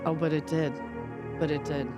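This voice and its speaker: A woman's voice: deep voice, little pitch movement, normal speed, over loud music. A woman co-hosting a morning radio show, telling a story in a playful, over-the-top mock-dramatic way, in a casual chat. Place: radio studio.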